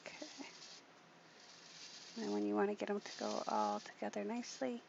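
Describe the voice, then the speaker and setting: Woman host, gravelly chatty voice, talking through a craft project at her desk; muffled lo-fi sound with background noise. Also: medium pitch, little pitch movement, moderate pace. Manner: chatty, thinking aloud while working. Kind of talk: casual craft tutorial. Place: home craft room at a desk.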